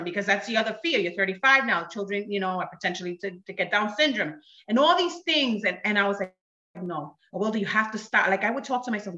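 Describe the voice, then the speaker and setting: A woman in her thirties tells her story with lively energy, acting out every exchange in quoted voices. Her voice is bright and forceful. The recording sounds dull and roomy, with a noticeable echo. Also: mid-range voice, normal speed. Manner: animated, acts out dialogue in quoted voices. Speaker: guest sharing a testimony. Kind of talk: emotional personal storytelling.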